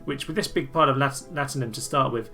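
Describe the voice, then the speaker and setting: A man's voice: medium pitch, fast, bright, forceful tone. A man giving casual, chatty commentary over a strategy game, with cheery self-deprecating asides. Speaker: gameplay commentator. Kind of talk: casual let's-play commentary. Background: game music underneath.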